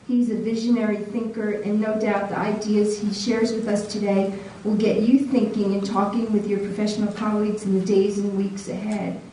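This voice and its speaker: A woman hosting an event, reading a measured, formal introduction of the speaker. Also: medium pitch, dark tone. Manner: measured, reading prepared remarks. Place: lecture hall. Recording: very echoey hall, distant from mic, faint crowd and noise.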